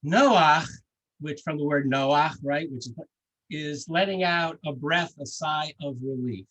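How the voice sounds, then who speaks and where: A man's voice: on the high side, fairly even intonation, a little slow, fairly bright tone, poor audio. A man giving a sermon as a rabbi, conversational and storytelling, with jokes and asides.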